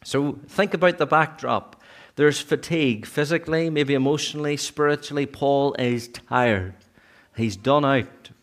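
A man preaching a sermon in church, earnest, sometimes rising to emphatic peaks and then dropping low. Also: measured pace.

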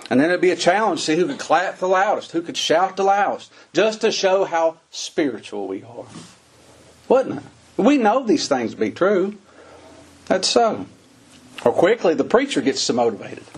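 A man's voice: on the high side, husky. A middle-aged man preaching a sermon in a folksy, conversational way, asking his listeners rhetorical questions.

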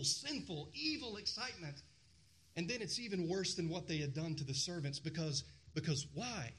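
Emphatic preacher, man with a higher voice. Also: fairly bright tone. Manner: emphatic, repeats phrases, asks the congregation questions. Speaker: pastor. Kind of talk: sermon.

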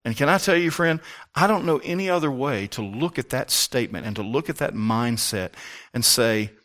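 A man preaching a sermon with passion, rising to near-shouts and firing rhetorical questions at the congregation. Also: medium pitch, expressive, moderate pace. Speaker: pastor.

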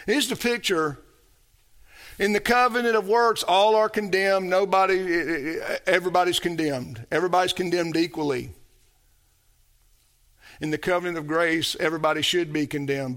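A man preaching a sermon, moving from loud emphatic phrases to soft, low asides and calling out to the congregation for responses. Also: moderate pace, long pauses.

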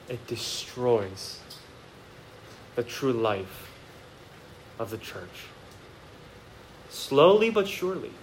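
Animated, impassioned male pastor preaching. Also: mid-range voice, a little hiss or hum, poor audio. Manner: impassioned, swings between quiet reflective asides and emphatic outbursts; conversational, speaks directly to the congregation with rhetorical questions. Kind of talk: sermon. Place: church sanctuary.

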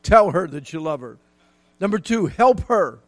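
A man's voice: high-pitched, lively intonation, moderate pace, dry recording. A middle-aged man preaching a folksy, emphatic sermon with jokes and repetition. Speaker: pastor.

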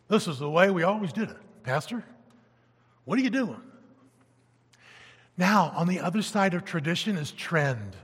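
A high, bright-voiced male pastor preaching with animated emphasis, swinging from loud to hushed. The sermon rings with the long reverb of a church hall.

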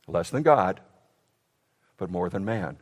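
A male pastor preaching a sermon emphatically, his delivery swinging from loud declarations to hushed lines. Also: low-pitched, lively intonation, slow pace, big-room sound.

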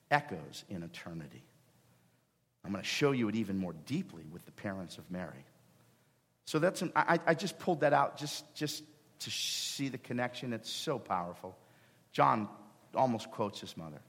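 Male pastor preaching, acts out the characters, repeats himself for emphasis, middle pitch, big echoey church hall. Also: animated, unhurried, fairly bright tone. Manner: acts out dialogue, emphatic and repetitive. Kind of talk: sermon. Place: church sanctuary. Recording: long reverb of a church hall.

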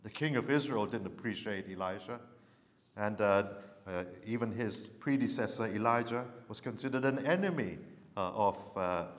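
A man preaching a sermon, telling a story in an earnest, unhurried way. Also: on the low side, in a large hall.

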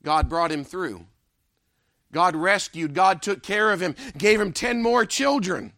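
A man preaching a sermon, emphatic and rhetorical, repeating a refrain question and dropping low and soft on key lines. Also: measured pace, creaky, no room sound, clean studio sound.

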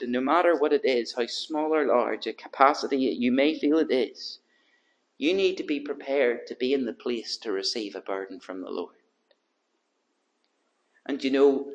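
A man preaching an evening sermon, swinging between loud urgency and hushed earnestness, with emphatic repetition. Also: mid-range voice, rough recording.

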